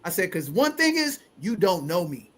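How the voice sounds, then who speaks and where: A man in his forties hosting a casual talk show, telling a story in an animated way and acting out the people in it. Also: sits high, moderate pace. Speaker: host.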